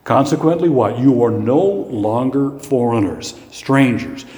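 In a hall full of long, echoing reverb, a man delivers a sermon as pastor, his warm voice medium in pitch and measured in pace. He preaches conversationally and poses rhetorical questions.

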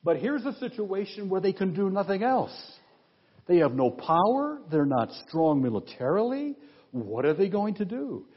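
Pastor, male, husky voice, teacherly sermon delivery with lively pitch swings, dull lo-fi recording. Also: moderate pace. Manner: teacherly, asks the congregation questions, reads scripture aloud with comments. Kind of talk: expository sermon. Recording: dull lo-fi sound.

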